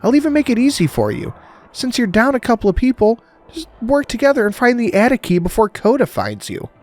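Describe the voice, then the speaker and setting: A woman's voice: a little high, wildly swooping pitch, fairly quick, a little mellow, pitched above the performer's own voice. A man voicing a female phone dispatcher in a horror audiobook, chirpy and sweet on the surface, turning cold and mocking. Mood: cold taunting. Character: woman dispatcher, cheerful then cold and sinister.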